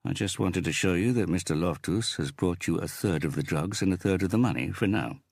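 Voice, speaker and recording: Audiobook thriller: a man doing a steady older cop negotiating, low husky voice. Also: no echo, clean studio sound. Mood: measured. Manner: measured, hushed. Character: older police chief inspector, calm negotiator.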